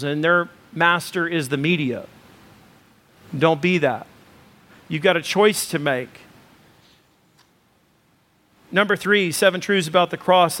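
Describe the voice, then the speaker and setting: Man, pastor, sermon, high voice, talky with fillers, emphatic lists. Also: bright, forceful tone. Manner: conversational preaching with fillers, rising to emphatic lists.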